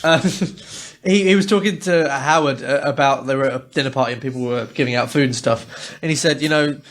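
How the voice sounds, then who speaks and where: A man co-hosting a casual podcast, speaking hesitantly, clearing his throat and laughing at his own jokes. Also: mid-range voice, brisk. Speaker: podcast co-host. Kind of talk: casual chat.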